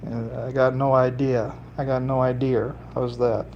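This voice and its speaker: A man building fishing lures on a solo stream rambles casually and jokes with his viewers as his hands stay busy, affecting a slight Italian lilt. He speaks at a normal speed in a level tone, medium-pitched and a little mellow. The highs are cut off, and there's slight background noise.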